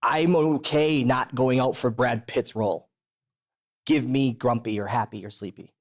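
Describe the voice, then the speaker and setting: A man's voice: medium pitch, fairly even intonation, normal speed. Male co-host, wry, joking, casual banter. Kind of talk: casual chat.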